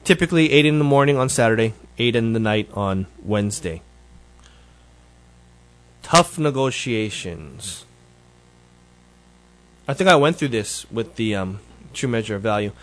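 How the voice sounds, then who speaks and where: A man's voice: medium pitch, animated, a little slow, pauses often, slight background noise. A man hosting his show, giving a casual, rambling update that is full of self-corrections. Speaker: show host.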